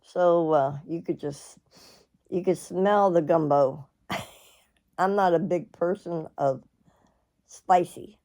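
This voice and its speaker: A middle-aged woman, telling a personal story in a rambling, halting way, often clearing her throat. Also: fairly low pitch, mellow. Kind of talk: casual storytelling.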